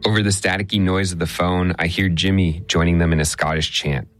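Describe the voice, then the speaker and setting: A male radio reporter narrating a news feature in a measured, conversational tone. His voice sits very low. Faint music runs beneath. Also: steady tone, fairly bright tone, no room sound.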